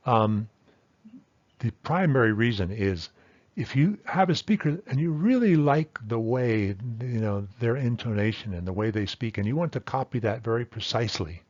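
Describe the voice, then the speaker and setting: A man's voice: mid-range voice, a little mellow, no room sound. Thoughtful male teacher, dry muffled sound. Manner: thoughtful, with fillers and self-corrections. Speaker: language teacher. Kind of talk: explanatory lesson talk.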